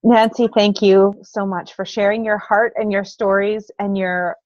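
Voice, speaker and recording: A woman's voice: medium pitch, flat delivery, measured pace, a little mellow, no echo. A woman hosting an interview as a parent coach, gracious and affirming toward her guest. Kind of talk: interview conversation. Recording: dry, muffled lo-fi audio.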